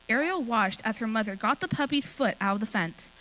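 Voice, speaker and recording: A woman reading a short story aloud at a talent show, with expressive storytelling. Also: on the high side, a little fast, rough recording.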